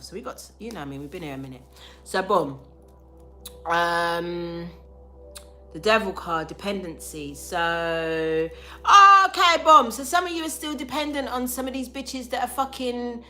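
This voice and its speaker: A young woman giving a live tarot reading to viewers, loud, profane and animated, with a sore throat. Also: medium pitch. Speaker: tarot reader.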